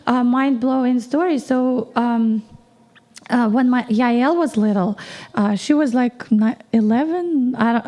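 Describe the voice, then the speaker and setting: A middle-aged woman, a native Russian speaker, telling a story on a concert stage in a lively way, acting out the dialogue and restarting often. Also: sits high. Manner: animated, quick storytelling with many restarts and acted-out dialogue. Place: concert stage before a live audience.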